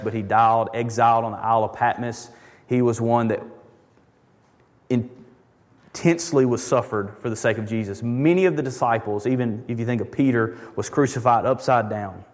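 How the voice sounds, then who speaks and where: Man preaching in an echoing hall. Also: mid-range voice. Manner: conversational preaching with emphatic repetitions. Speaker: pastor. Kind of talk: sermon.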